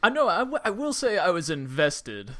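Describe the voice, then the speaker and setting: A man with a fairly high, bright voice co-hosts a film review podcast. He is blunt and dismissive in casual chat and often breaks into laughter mid-sentence. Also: sing-song, moderate pace, slight background noise. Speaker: podcast co-host.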